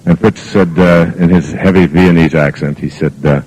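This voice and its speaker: Older man, very deep voice, motivational talk, rambling anecdotal storytelling. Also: fairly even intonation, moderate pace, darkish tone, breathy edge, poor audio. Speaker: motivational speaker.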